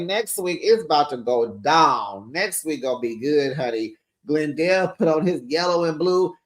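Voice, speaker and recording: A reality TV recap host giving sassy, casual commentary to viewers, calling them besties and honey and acting out the cast's lines. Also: mid-range voice. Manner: acts out the cast's lines in dramatic voices.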